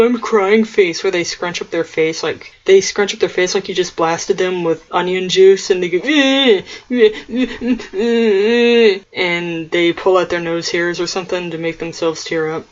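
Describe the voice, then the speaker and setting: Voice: mid-range voice, dull audio. A vlogger delivering a solo monologue rant in a scornful, mocking, conspiratorial manner.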